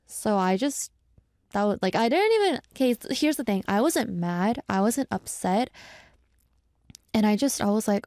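A woman's voice: mid-range voice, expressive, moderate pace, a little mellow, no echo, clean studio sound. A woman hosting a casual talk show, chatting reflectively and often searching for the right words mid-sentence. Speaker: radio-style show host reading listener messages.

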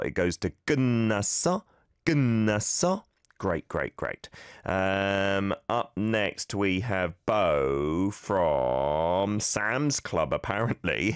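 A man hosting a casual radio language lesson from a studio, animated as he corrects pronunciation with repeated examples. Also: deep voice, slow, clear, resonant tone, no echo. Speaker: radio host teaching Korean.

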